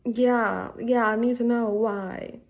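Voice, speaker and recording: A woman's voice: a little high, fairly even intonation, slow. A young woman ranting casually to camera, blunt and exasperated, with lots of filler words. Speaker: vlogger.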